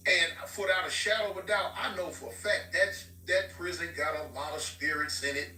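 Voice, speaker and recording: A man's voice: on the high side, fairly quick, a little hiss or hum. A man casually telling a story to his viewers and acting out the people he quotes. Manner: animated, acts out quoted dialogue. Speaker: vlogger telling a prison story. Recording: roomy sound from a distance with faint music.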